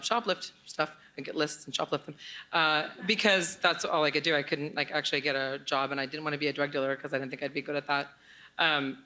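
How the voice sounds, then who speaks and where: A woman in her forties tells a true story from her own life in front of an audience. She speaks candidly and bluntly, with casual swearing. Her voice sits a little low yet sounds bright and sharp. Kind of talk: live personal storytelling.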